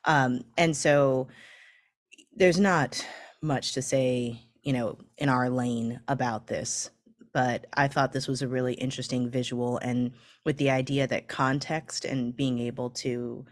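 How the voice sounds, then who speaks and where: A woman co-hosting a casual livestream, chatty and quick to laugh. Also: very deep voice, fairly even intonation. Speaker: co-host.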